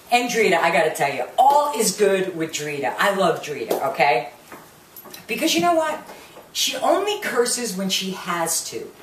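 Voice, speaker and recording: A woman's voice: mid-range voice, very animated, moderate pace, distant mic, a little hiss or hum. A woman ranting through a profane review of a reality show, cursing and throwing in swears. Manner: brash, swearing, drops Italian curses, mocks cast members. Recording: echoey room, voice a bit off-mic, faint ambience.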